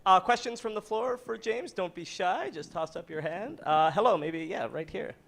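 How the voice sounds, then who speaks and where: A man's voice: sits high, normal speed, gravelly, a bit bright. A man moderating a convention panel, asking the guest questions in an easygoing way. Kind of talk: interview questions.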